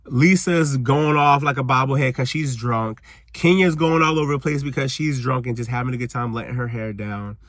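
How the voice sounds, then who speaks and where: A man's voice: mid-range voice, fairly even intonation, moderate pace, fairly bright tone, no echo, clean studio sound. A man giving a casual, rambling recap of a TV episode outdoors, leaning heavily on "like" and "you know" as he talks to his viewers. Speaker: TV recap vlogger. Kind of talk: casual reality-TV recap rant. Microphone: camera he is holding or propping up.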